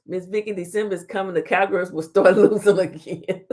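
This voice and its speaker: A woman hosts a casual live-stream talk show, reading comments aloud and trash-talking playfully with a laugh, peppering her talk with Southern slang like "child" and "honey." Her mid-range voice is steady, a little fast, and a little mellow.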